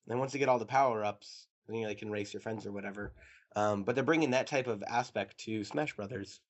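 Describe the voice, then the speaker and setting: A young man in his twenties co-hosting a casual podcast, animated and teasing as he chats with a friend. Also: lowish voice, a little fast. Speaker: podcast co-host. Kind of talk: casual chat.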